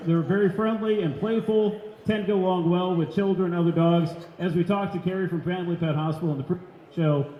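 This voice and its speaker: A high-voiced man hosting a live radio broadcast, chatty and upbeat with easy little jokes. He speaks from a big event center, his voice ringing with a long hall reverb. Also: muffled recording. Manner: upbeat, chatty, light joking. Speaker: radio host.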